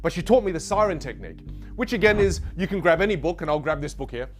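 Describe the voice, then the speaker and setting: Animated man coaching voice melody. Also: fast talker, faint music behind. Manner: animated, playful, demonstrates high and low pitches. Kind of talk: online course lesson.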